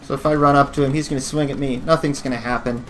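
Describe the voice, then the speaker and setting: A man's voice: medium pitch, steady tone, quick pace, fairly bright tone, soft background music. A man hosting a gaming channel, giving rambling, jokey, self-deprecating commentary while he plays. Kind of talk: casual gameplay commentary. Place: home office.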